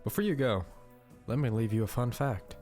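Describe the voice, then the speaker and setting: A man voicing a sly male grim reaper, playful and menacing, in a smooth, teasing way over a visual novel. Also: medium pitch, animated, moderate pace, darkish tone, faint music behind, natural voice. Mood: teasing menace.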